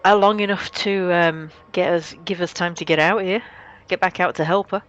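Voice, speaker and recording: A woman's voice: fairly low pitch, fairly even intonation, normal speed, fairly bright tone, dull audio. A woman playing in a tabletop game, talking casually and a little hesitantly. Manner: hesitant, with fillers. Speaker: player.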